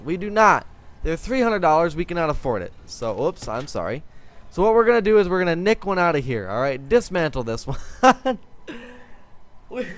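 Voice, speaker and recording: A man giving casual, joking commentary while he plays a prison-building game and talks to himself. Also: a little high.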